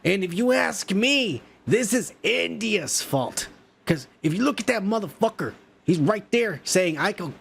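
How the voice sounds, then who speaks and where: A male podcast host, drunk and high, rambling through profane, joking commentary. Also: lively intonation, moderate pace, vocal fry, slight background noise. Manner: profane, rowdy, jokey.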